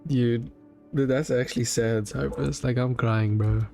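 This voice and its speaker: A man's voice: medium pitch, little pitch movement, unhurried, mellow, soft background music. A man giving casual gameplay commentary, reacting aloud in an emotional, slangy way. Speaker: gamer.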